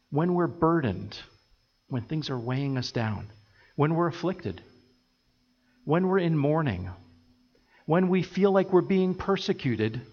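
A man preaching a sermon as pastor, earnest and steady, building his points through repeated phrases. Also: medium pitch, in a large hall, lo-fi sound. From United States. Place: church sanctuary.

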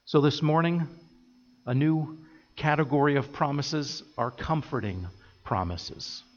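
A man preaching a sermon as pastor, earnest and steady, building his points through repeated phrases. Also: a little high, measured pace, in a large hall, muffled recording. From United States. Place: church sanctuary.

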